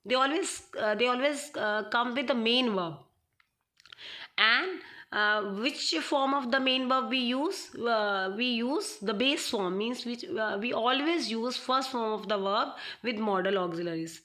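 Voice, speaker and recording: A woman's voice: fairly high pitch, measured pace, bright, forceful tone. A woman teaching a grammar lesson to students in a recorded online class. She hesitates often with fillers and repeats her points for emphasis. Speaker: English teacher. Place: home.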